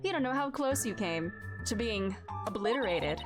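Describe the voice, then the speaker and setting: A woman's voice: mid-range voice, lively intonation, moderate pace, lightly acted. A woman voicing a curt, scornful female robot engineer who dislikes lawyers. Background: game music.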